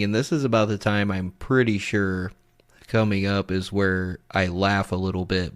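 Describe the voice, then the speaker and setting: A man with a low, gravelly voice hosts a podcast. He narrates recorded clips in a loose, laid-back way and swears freely. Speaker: podcast host.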